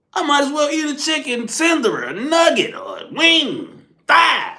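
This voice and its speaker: A man's voice: very high-pitched, very animated, moderate pace, few pauses, pushed and bright. A man streaming a casual, profane rant, rambling in slang and calling his listeners "folk" and "bro". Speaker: streamer hosting a morning smoke session.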